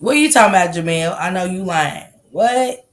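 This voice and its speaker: A woman's voice: fairly low pitch, expressive, normal speed. A woman, chatting casually with her live-stream viewers, talking loosely, swearing freely and laughing often. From American South. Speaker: livestream host. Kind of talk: casual live-stream chat reading comments.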